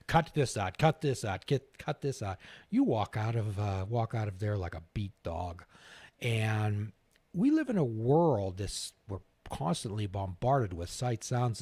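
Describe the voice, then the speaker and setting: A man with a fairly low voice hosts a live talk show, spinning folksy stories and acting out small scenes. His voice sounds dry and close. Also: darkish tone, dry recording. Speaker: host.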